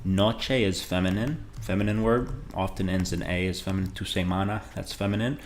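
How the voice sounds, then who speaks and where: A Spanish teacher with a very deep, low voice walks through a beginner lesson in a casual video, keeping things relaxed and conversational. He slows down so each phrase is modeled clearly, while faint room noise and keyboard typing stay quietly in the background.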